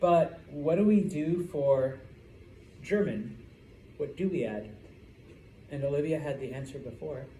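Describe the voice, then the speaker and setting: Male language teacher, mellow tone, roomy classroom sound with faint noise. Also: on the high side, measured pace, long pauses. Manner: checks in with "okay?" after each point. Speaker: Spanish teacher. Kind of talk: classroom lecture.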